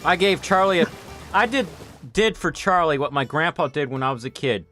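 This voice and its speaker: A man in his late thirties chats casually over a game stream, his voice sitting slightly high. He drifts from topic to topic and hands out practical tips in a loose, rambling way. Soft game music plays faintly underneath. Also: animated, normal speed. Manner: rambling, gives practical advice with a laugh. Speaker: gameplay streamer. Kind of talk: casual chat over gameplay.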